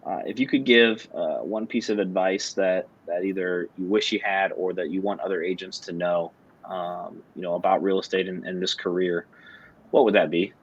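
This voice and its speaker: A man's voice: low-pitched, steady tone, moderate pace, breathy edge. A man hosting a podcast, interviewing a guest in a friendly, appreciative way. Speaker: podcast host. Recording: dull lo-fi sound.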